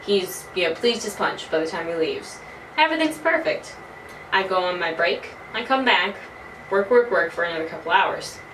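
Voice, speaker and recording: A young woman in her early twenties telling a casual, animated story, swearing freely as she talks. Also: fairly low pitch, normal speed. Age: early 20s. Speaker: vlogger. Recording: roomy, from a distance, faint noise.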